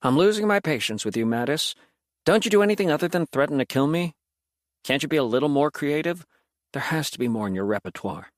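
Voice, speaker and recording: A man's voice: fairly high pitch, expressive, fairly quick, no room sound, studio quality, close to an everyday voice. A man voicing a smug male demon mercenary who taunts with amusement. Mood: mocking.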